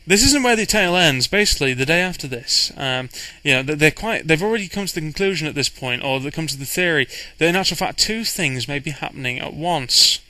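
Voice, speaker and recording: A man's voice: fairly high pitch, lively intonation, a little fast, few pauses, pushed and bright, no room sound, poor audio. Rambling man recapping a game. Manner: rambling, with frequent restarts and fillers. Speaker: game master recounting a campaign. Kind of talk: casual storytelling recap.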